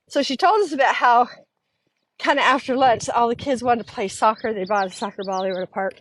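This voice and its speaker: A middle-aged woman hosting a show, telling a story in a lively, casual way and often acting out the voices of the people she quotes. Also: a little high, a little fast. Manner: animated, acts out quoted voices, laughs often. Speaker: podcast host.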